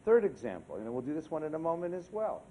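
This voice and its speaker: Animated high-voiced rabbi preaching. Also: male voice, quick pace, a little hiss or hum, low-quality recording. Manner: animated, humorous, asks the congregation questions. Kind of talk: sermon. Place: synagogue during a service.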